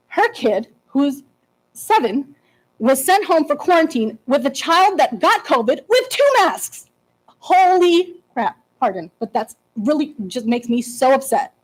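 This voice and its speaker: Brief: high-pitched woman, upset parent, unscripted public comment, indignant, stumbling restarts. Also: poor audio. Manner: emotional, indignant, halting restarts. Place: public board meeting.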